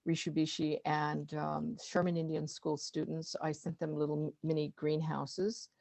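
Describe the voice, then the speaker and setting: A woman's voice: low voice, level tone, normal speed, vocal fry, darkish tone, no echo. A middle-aged woman, a guest speaker and master gardener, talking casually with many fillers and restarts. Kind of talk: casual conversational talk.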